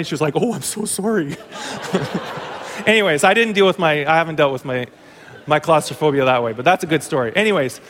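A man's voice: on the high side, long reverb tail. A male pastor telling a humorous, self-mocking story during a sermon.

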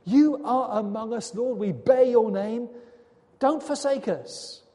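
Anguished prophet, pleading and raw, high and mellow, a man acting him out in a sermon. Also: moderate pace, lightly acted. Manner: pleading, rising questions. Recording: long hall reverb.

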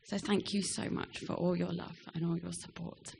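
Young woman with a low, gravelly voice. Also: flat delivery, normal speed, noisy background. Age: young adult. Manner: hesitant, with frequent ums. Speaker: departing church member. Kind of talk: farewell speech and scripture reading. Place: church.

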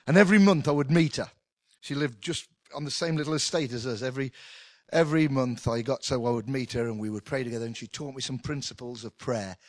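A middle-aged man preaching a sermon in an animated, conversational way with touches of humour. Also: medium pitch, fast, no room sound. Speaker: pastor.

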